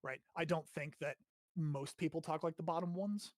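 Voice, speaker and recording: A man's voice: on the high side, normal speed, no room sound, clean studio sound. An American man hosting a casual grammar lesson, explaining in a chatty way, often checking with "right?" and swearing now and then. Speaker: host teaching grammar.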